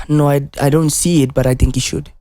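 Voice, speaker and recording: A man's voice: fairly high pitch, fairly even intonation, moderate pace, mellow. A man co-hosting a casual wrestling podcast, insistently cross-examining and talking over his partner. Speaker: podcast co-host.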